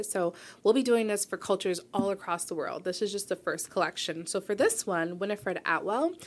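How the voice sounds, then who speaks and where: Earnest, reflective woman in her forties. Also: mid-range voice. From New York, USA. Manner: earnest and reflective, often asking "right?". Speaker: guest, publisher and founder. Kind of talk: radio interview, personal story. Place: radio studio.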